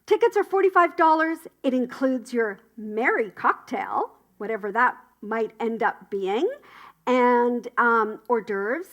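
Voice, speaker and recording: A woman's voice: a little high, lively intonation, measured pace, fairly bright tone. A woman giving enthusiastic, chatty announcements at a spiritual community service, cheering the news along. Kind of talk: upbeat church announcements. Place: spiritual community gathering indoors.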